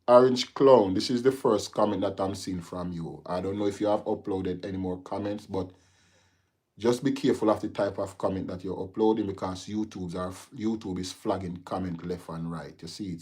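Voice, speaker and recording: Jamaican guy on a livestream, lowish voice, talks right at his viewers, gets fired up. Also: fairly even intonation, normal speed, a little mellow, slightly rough. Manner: talks straight to viewers, gets heated and lecturing. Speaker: livestream host. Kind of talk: casual livestream chat reading comments.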